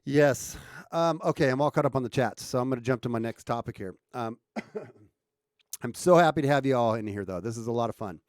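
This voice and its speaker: A man's voice: mid-range voice, animated, a little fast, darkish tone, dry recording, studio quality. An American man hosting a casual livestream, chatting loosely and reading viewers' comments with frequent restarts and chuckles. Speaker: livestream host.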